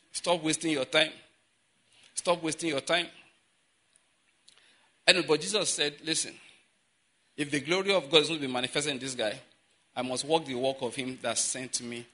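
Man, pastor, bright voice, sermon, animated storytelling, rhetorical questions. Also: mid-range voice.

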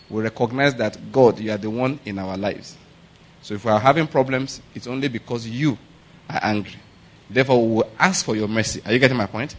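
A man's voice: medium pitch, low-quality recording. A middle-aged man with a Nigerian accent, a pastor preaching a sermon in a conversational way, often checking that his congregation follows him.

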